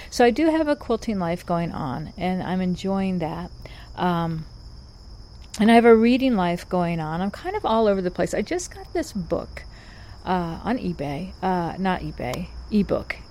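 A woman's voice: medium pitch, darkish tone. A woman talks through a casual podcast monologue. She rambles and doubles back, full of chatty asides. There is a faint hiss of background noise with crickets. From North Carolina. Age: 50s. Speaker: podcast host.

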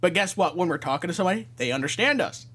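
A young man with a Michigan accent, talking in a slightly high voice. He co-hosts a casual podcast chat, teasing his friend and swearing freely as he jokes. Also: animated, bright, forceful tone. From Michigan, USA. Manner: profane, teasing and quick to joke. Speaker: podcast co-host.

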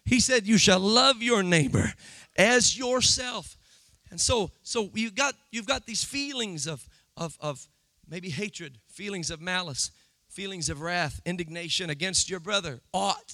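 Male preacher, sermon delivery, very high and piercing, dry close sound. Big shouted stretches, hushed asides. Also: dry recording. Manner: swings from shouted, drawn-out emphasis to low, quiet asides.

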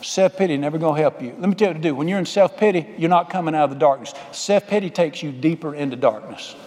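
A man preaches a folksy, emphatic sermon in a church sanctuary, calling on the congregation for amens in call-and-response style. His voice is fairly high and a little mellow, he speaks fast, and a long hall reverb trails each line.

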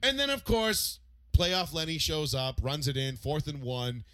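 An excitable man with a high, lively voice tells a story in casual chat. He is bright and forceful, swears freely and bursts into loud re-enactments. The sound is dry and close. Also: unhurried, clean tone, no room sound. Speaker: podcast co-host.

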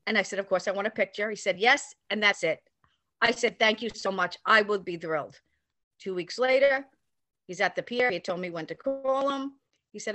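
Older woman telling a lively anecdote. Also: medium pitch, moderate pace, no room sound. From New York area. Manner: animated, acts out quoted voices. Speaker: storyteller recounting a personal memory. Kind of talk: casual anecdote.

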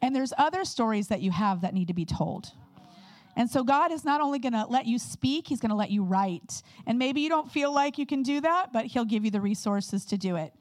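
A woman delivers a sermon as a guest speaker, talking candidly and conversationally with quick asides. Her voice sits fairly high, and the sound is dry and close with little room around it. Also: animated, a little mellow, no room sound.

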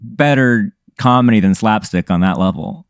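A man guesting on a podcast, reacting to a comic story with wry, quick remarks. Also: lowish voice, dry recording, studio quality. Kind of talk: casual comedic chat.

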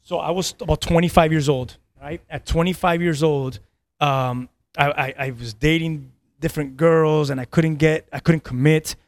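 With fairly high pitch, fairly even intonation, and normal speed, a thirtysomething pastor tells a personal story on a podcast. He speaks earnestly, often repeats himself word for word, and laughs between lines.

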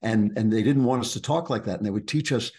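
Husky middle-aged guy from long island, author chatting about his books, lots of restarts. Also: fairly low pitch, fast, a little mellow. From United States, Long Island. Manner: reflective, anecdotal, with repeated restarts. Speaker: author guest. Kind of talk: conversational book talk.

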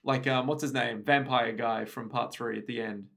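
A man co-hosting a podcast in casual chat, animated and jokey, often acting out silly voices. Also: medium pitch, moderate pace, creaky. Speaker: podcast co-host.

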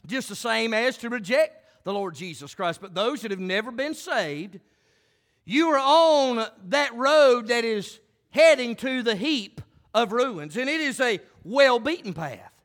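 A man preaching a folksy country sermon, building up to shouted, fervent passages. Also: very high-pitched, expressive, unhurried. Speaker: pastor.

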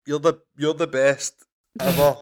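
A man's voice: a little high, measured pace. A man with a Scottish accent, a stand-up comedian chatting as a podcast guest, telling stories animatedly with laughter and restarts. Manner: animated storytelling, laughing, swearing, repeated restarts. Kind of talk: casual podcast chat.

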